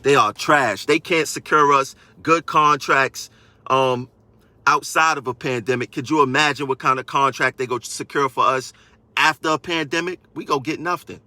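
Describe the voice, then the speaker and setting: A man's voice: medium pitch, normal speed, bright, forceful tone, no room sound. A man, a transit union member, ranting on a live stream to his viewers in a combative way and repeating phrases for emphasis.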